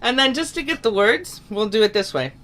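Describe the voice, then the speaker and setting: A woman leads an online singing lesson, explaining calmly and step by step. Her voice is bright and forward. Now and then she breaks into loud, open folk singing for the class to copy over the video call. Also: a little high, a little fast. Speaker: singing teacher.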